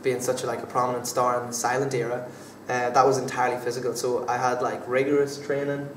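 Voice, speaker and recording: Hesitant young man, flat voice, far off. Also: mid-range voice, fast talker. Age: young adult. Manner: hesitant, many fillers and restarts. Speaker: drama student actor being interviewed. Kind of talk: casual interview answers. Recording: echoey room from far off, faint background noise.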